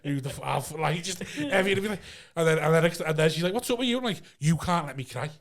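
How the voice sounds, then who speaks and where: Fast-talking man in casual banter. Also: on the high side. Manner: swearing, animated storytelling with acted-out quotes.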